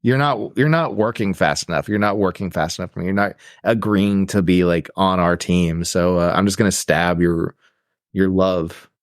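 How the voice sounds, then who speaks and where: A man co-hosting a podcast, casually retelling a film's plot in a loose, rambling way with quick acted-out quotes. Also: deep voice, dry recording, studio quality. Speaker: podcast co-host. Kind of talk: casual movie recap chat.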